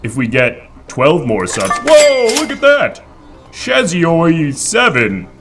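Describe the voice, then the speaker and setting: A man's voice: medium pitch, big pitch swings, unhurried, background noise. A man playing a hammy, man-eating mountain creature who hosts a live improv comedy stream, talking playfully and theatrically. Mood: promo hype. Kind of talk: improv comedy role-play.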